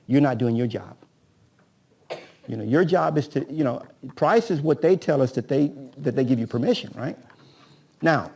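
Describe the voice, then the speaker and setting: A man's voice: mid-range voice, mellow. A man coaching a live seminar audience, tossing in rhetorical questions and acting out his talks with sellers. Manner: rhetorical, keeps asking "right?"; acts out agent-seller dialogues. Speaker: real estate coach.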